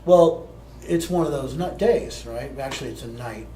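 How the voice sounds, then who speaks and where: A man's voice: mid-range voice, moderate pace, warm tone, slight background noise. A man in his forties, a plant medicine teacher, telling a personal story to a live group in a conversational way, often checking in with "right?". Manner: conversational, peppered with tag questions. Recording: roomy echo with faint ambience.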